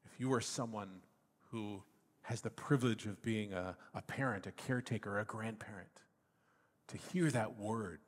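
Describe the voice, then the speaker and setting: A father and pastor delivers a reflective sermon in a lowish voice with a breathy edge, sometimes dropping almost to a whisper. The recording carries the long reverb of a hall.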